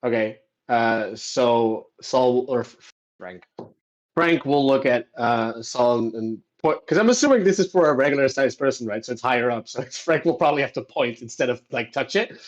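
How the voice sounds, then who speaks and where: A man playing a tabletop game, talking in a jokey, rambling, halting way. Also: medium pitch, lo-fi sound. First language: Dutch. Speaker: player. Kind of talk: casual tabletop play.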